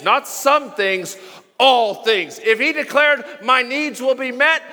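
A man preaching a sermon as pastor, emphatic and repetitive, chanting phrases and sometimes shouting. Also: very high-pitched, slow pace, in a large hall. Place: church sanctuary.

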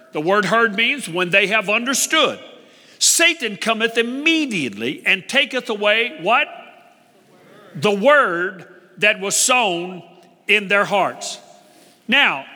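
A man's voice: high-pitched, bright, forceful tone. Male pastor, middle-aged, emphatic sermon delivery, long hall reverb. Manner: emphatic, repeats phrases, drawn-out stresses, checks in with "all right?".

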